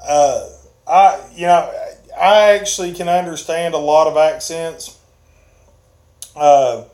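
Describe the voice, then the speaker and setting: Slow-talking man, chuckling. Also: fairly high pitch, darkish tone. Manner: chuckles often while reading comments aloud. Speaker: livestream host reading chat. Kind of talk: casual live-stream chat.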